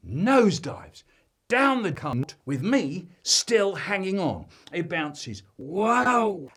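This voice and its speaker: A man telling a comic family story in an animated storytelling manner, his delivery chopped up by remix edits. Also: breathy edge. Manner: animated storytelling with big swings in pitch and volume.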